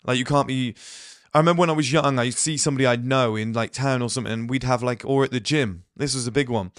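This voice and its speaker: A man's voice: mid-range voice, no echo. Blunt man, dry close mic. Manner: blunt, rapid asides and acted-out quotes. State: ill. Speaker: host. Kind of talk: motivational monologue.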